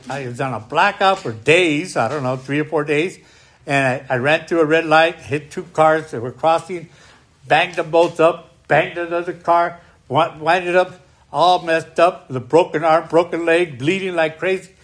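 Man, a bit high-pitched, giving a personal testimony at a recovery meeting; emphatic, keeps checking in with the room. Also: a bit bright. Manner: emphatic, rising and slowing when angry, tag questions "right?". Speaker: speaker sharing at a recovery meeting.

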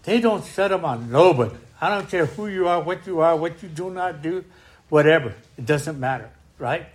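A man's voice: fairly high pitch, lively intonation. A man telling his recovery story at a meeting, speaking emphatically and often checking in with "right?". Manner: emphatic, rising and slowing when angry, tag questions "right?". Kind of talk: personal recovery testimony.

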